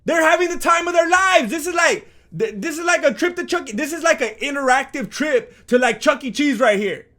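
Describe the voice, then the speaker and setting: Reaction host, male, very high voice, slangy and rhetorical, mutters asides and then gets loud. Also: animated, brisk, hardly any pauses. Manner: slangy and rhetorical, calls people "fool"; swings from low mumbling asides to loud outbursts. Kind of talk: reaction commentary on footage.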